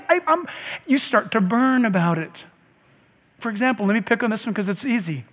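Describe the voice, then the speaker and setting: A man preaching a sermon as pastor, animated and acting out conversations, swinging from hushed to shouting. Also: high-pitched, a little fast, big-room sound. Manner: animated, acts out dialogue, shifts from hushed to shouting.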